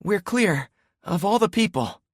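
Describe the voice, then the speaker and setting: A man voicing a calm, caring young mother in an audiobook, speaking in a gentle, reassuring way. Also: sits high, measured pace, dry recording, studio quality, pitched above the performer's own voice, full character voice. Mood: relieved.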